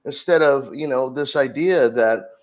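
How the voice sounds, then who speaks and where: A man's voice: mid-range voice, measured pace. A middle-aged man, a podcast guest, telling a work story in casual conversation and acting out the dialogue. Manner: animated storyteller, acts out dialogue. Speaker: podcast guest, security director.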